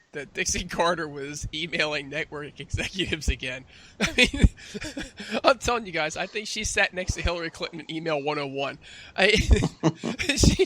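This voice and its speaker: A man's voice: on the high side, pushed and bright. A man co-hosting a casual podcast, sarcastic and often laughing. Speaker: podcast co-host. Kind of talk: casual wrestling talk.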